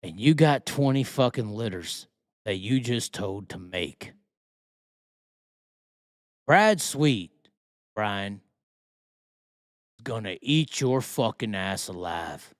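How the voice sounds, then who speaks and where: Man, host, profane ranting, rhetorical questions, swooping pitch, dry close sound. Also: lively intonation, slow pace, pauses often, dry recording. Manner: heated, swearing, rhetorical questions. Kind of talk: profane live-stream rant.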